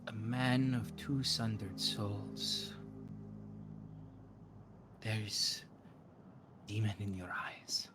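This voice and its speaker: A man voicing a cryptic, intense tabaxi cleric woman in a hushed, breathy, ominous manner. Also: fairly low pitch, extremely slow, long pauses, music in the background.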